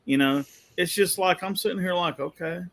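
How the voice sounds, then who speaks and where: A man's voice: high-pitched, moderate pace, fairly bright tone. A man in casual chat, giving emphatic, profane opinions about rude people.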